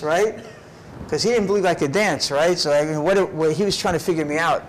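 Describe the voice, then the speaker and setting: Lively storytelling man, fairly high voice. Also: normal speed, a little hiss or hum, rough recording. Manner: lively, tags phrases with "right?". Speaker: interview guest, karate teacher. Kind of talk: animated personal storytelling. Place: karate gym.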